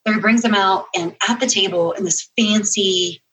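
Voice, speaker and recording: A woman's voice: mid-range voice, moderate pace, a little hiss or hum. Chatty woman on a podcast, lots of "like", a little far from the mic. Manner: animated, lots of "like" and "you know". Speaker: guest, comedy author. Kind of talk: podcast interview, storytelling.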